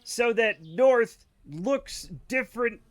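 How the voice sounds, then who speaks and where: A man streaming a game live, chatting casually with his viewers; he rambles, gets excitable and mock-angry, and swears freely. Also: very high-pitched, slow. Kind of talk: casual live-stream chat while gaming.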